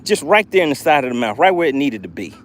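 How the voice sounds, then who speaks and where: A man hosting a live fishing stream from a boat outdoors, excitably narrating his catch and reading chat aloud. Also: medium pitch, quick pace, a little hiss or hum. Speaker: fishing livestream host.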